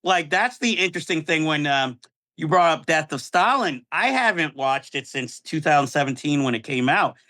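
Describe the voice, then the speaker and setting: A man's voice: fairly high pitch, expressive, normal speed, bright, forceful tone. A man hosting a podcast, chatting about films and acting out his own reactions. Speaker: podcast host. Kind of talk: casual film chat.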